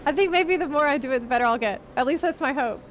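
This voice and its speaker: A woman streamer chatting casually and reacting out loud while she plays a video game. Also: sits high, quick pace, a little hiss or hum. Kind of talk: casual gameplay commentary.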